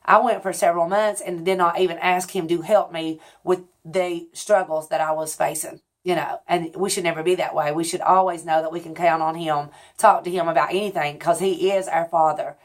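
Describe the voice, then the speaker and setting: A woman's voice: on the low side, fairly even intonation, fairly quick, hardly any pauses. A woman in her forties talking casually to her viewers at home, in a rambling, confessional way that keeps correcting itself. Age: 40s. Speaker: vlogger. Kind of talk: casual chat.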